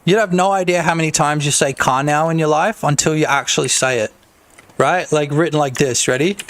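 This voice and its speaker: Excitable, swearing male game-dev streamer. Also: on the high side, fairly quick. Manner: excitable, profane, rambling. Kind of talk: casual livestream chat.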